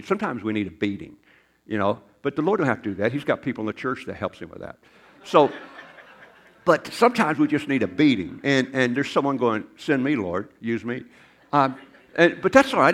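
An older man delivers a sermon in an easygoing, folksy storytelling way, wandering into asides and jokes. His voice sits at an ordinary pitch for a man. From Arkansas. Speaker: pastor.

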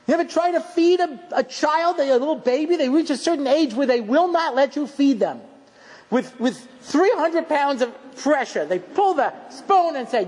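A middle-aged man giving a rabbi's lecture, telling funny stories in an animated, self-mocking way and acting out scenes. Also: very high voice, moderate pace. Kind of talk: humorous storytelling lecture. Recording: long hall reverb, faint background noise.

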